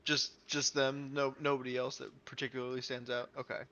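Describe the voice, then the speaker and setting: A man's voice: medium pitch, level tone, a little fast, bright, forceful tone. A man playing a tabletop game, speaking in short, questioning bursts. His mic sounds dull and lo-fi, and keyboard typing clicks behind him. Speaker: player. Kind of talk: tabletop role-play.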